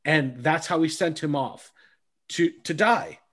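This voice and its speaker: Husky-voiced man chatting about movies. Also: fairly high pitch, unhurried, fairly bright tone. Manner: enthusiastic, swears casually, stammering restarts. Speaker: podcast co-host. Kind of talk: casual movie chat.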